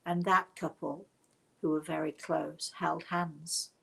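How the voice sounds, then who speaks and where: Hushed, gravelly older British woman. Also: deep voice, flat delivery, takes it slowly, low-quality recording. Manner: hushed, dramatic storytelling, often dropping to a whisper. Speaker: spiritual medium. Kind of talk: live storytelling show.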